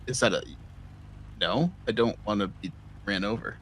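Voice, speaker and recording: Deadpan man in casual role-play. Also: lowish voice, moderate pace, slight background noise. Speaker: streamer playing a character.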